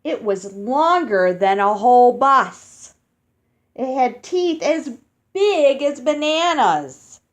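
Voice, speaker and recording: Woman, picture-book reader for children; a slightly high voice, unhurried, sounds out tricky names. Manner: explains words and asks children questions as she reads; slow and careful, sounding out hard names.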